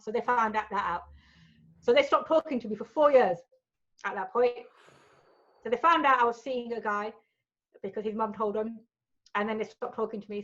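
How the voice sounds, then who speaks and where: A woman's voice: medium pitch, dull audio. A woman, a guest in a casual interview, telling her stories candidly and swearing freely. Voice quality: frank and animated, swears freely.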